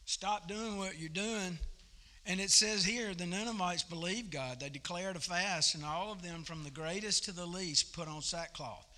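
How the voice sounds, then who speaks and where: A folksy pastor preaching to his church, his voice pitched rather high and ringing with a hard, forceful edge. He tells the story in an animated, down-home way. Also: normal speed. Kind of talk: sermon. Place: church service.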